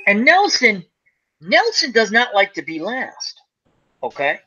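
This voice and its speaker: Man, animated storyteller, lively bright voice, casual chat, dull lo-fi audio. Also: high-pitched, measured pace, slightly rough. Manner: animated storyteller, acts out quotes, swears. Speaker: podcast co-host telling a story.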